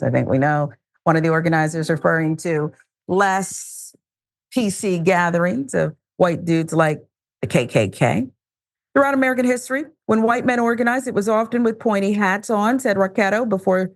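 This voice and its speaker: Wry woman host with gravelly voice. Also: fairly low pitch. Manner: wry, joking asides. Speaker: news commentary host. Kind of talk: casual news commentary.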